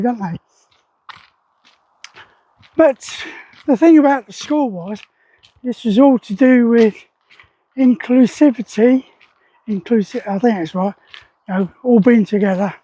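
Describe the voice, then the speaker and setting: A man's voice: very high-pitched, dark tone, lo-fi sound. A man talking casually to camera in a rambling, opinionated way, with lots of fillers. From England. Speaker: vlogger.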